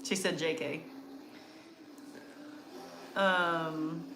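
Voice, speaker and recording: A woman's voice: low-pitched, fairly even intonation, drawn-out words. A woman co-hosting a casual farm livestream, chatting and reading viewer comments aloud. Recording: echoey room with faint noise.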